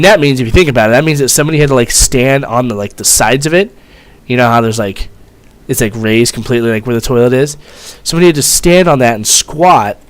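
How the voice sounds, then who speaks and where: A young man, a former Marine, telling a story in a rambling, profane way, full of fillers. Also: medium pitch. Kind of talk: casual storytelling vlog.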